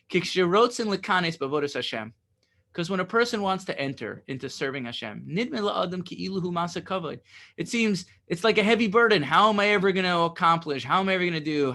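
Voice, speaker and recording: A man teaches a Torah lesson, reading Hebrew phrases and explaining them in casual English, often checking in with "right?". His voice sits high with a sharp tone.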